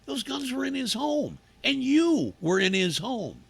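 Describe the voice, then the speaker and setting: Indignant talk host with a raspy edge. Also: male voice, extremely high pitch, very animated, a little slow. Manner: sarcastic, indignant, emphatic. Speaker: radio talk show host. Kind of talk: opinionated talk radio commentary.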